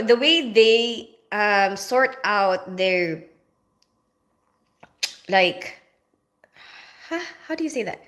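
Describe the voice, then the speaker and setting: A woman's voice: medium pitch, fairly bright tone. A woman from the Philippines, chatting casually on a livestream, reading out comments in a rambling way and laughing often. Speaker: nurse and livestream host reading viewer comments.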